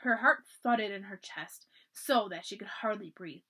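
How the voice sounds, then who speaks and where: A woman reading a children's storybook aloud for a library, with expressive, animated narration. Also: mid-range voice, a little slow, husky.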